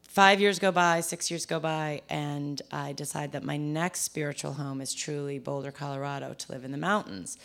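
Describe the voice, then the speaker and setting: Low-voiced woman telling a personal story. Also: fairly even intonation, normal speed, few pauses, a bit bright. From US East Coast. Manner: conversational, self-deprecating, with frequent restarts.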